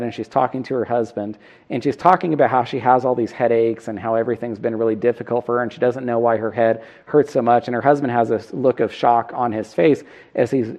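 A man's voice: medium pitch, darkish tone. A middle-aged man preaching a sermon, earnest and self-deprecating, putting questions to the congregation. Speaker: pastor.

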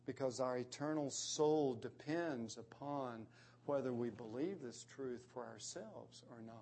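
Slow, emphatic male preacher. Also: medium pitch, vocal fry, darkish tone. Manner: slow, emphatic expository preaching with swells in volume. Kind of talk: sermon.

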